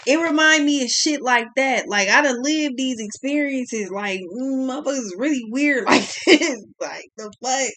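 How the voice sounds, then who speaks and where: Young woman doing a tarot reading, bit high voice, blunt and cussing a lot. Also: normal speed, few pauses, a bit bright. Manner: blunt, profane and exclaiming. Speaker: tarot reader.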